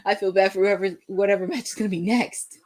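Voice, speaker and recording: A young woman hosting a live wrestling watch-along, giving excitable play-by-play commentary that bursts into shouts at big moments. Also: mid-range voice, quick pace.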